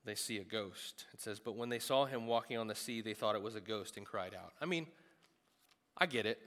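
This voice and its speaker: A man preaching a sermon in a conversational, animated way, with quick asides. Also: lowish voice. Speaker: pastor. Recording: long hall reverb.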